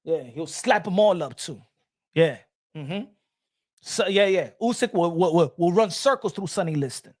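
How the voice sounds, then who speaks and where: With a high voice and lively intonation, a boxing talk show host speaks at a moderate pace. He rants heatedly in casual commentary, repeating himself and swearing a lot.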